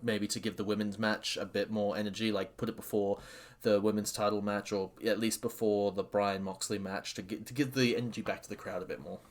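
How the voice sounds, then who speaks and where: A man hosting a casual wrestling recap, excitable and rambling with many fillers and restarts. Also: fairly low pitch, fairly quick. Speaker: podcast host reviewing a wrestling show.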